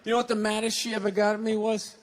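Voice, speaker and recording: A man from the United States performing a stand-up comedy set on stage, telling stories with loud bursts and acted-out quotes. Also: high-pitched, monotone, quick pace. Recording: live hall reverb, faint noise.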